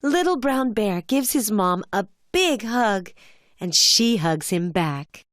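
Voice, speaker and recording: A woman narrating a children's cartoon in a clear, gentle storytelling voice, recorded as a studio voice-over. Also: medium pitch, animated, slow, no room sound.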